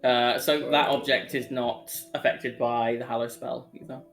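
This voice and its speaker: A man's voice: mid-range voice, flat delivery, moderate pace, a bit bright. Brummie man reading rules aloud. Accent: Birmingham. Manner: casual, reads rules aloud with fillers. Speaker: player. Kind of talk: casual tabletop game chat. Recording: music bed under voice.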